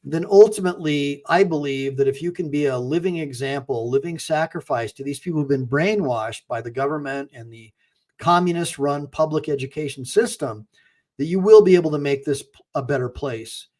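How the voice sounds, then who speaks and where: A man's voice: on the high side, brisk, a little mellow. A middle-aged man hosting a livestream, talking emphatically to his viewers, often repeating himself and preaching. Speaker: attorney and channel host.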